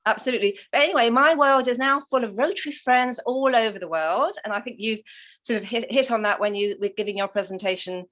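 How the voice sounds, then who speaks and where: A woman with an English accent, a guest on a video call, telling her story in a lively way and laughing often. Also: on the high side, quick pace. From England. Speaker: guest, Rotary leader. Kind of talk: conversational interview.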